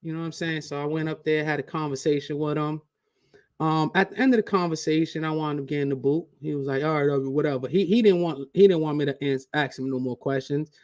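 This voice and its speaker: A man's voice: a little high, fairly quick, a little mellow, no echo, studio quality. Slangy man hosting a reaction stream. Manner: slangy, talks straight to chat. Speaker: channel host. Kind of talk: casual live reaction stream.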